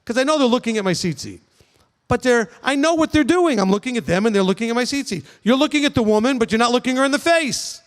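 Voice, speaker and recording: A rabbi answering questions speaks to a congregation in a very high-pitched, animated, fast voice with big-room sound. He's conversational and emphatic, checking in often with "okay?"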